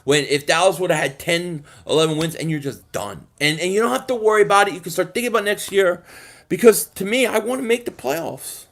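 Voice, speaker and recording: A man's voice: high-pitched, brisk. A man hosting a sports fan live stream, ranting in frustration with many stammered restarts. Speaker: sports fan channel host.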